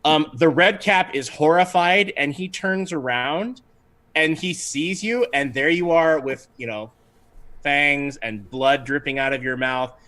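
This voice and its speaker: A man's voice: a little high, measured pace, sharp tone. A man acting as game master, narrating a tabletop game on a livestream in an easygoing, chatty way with frequent ums.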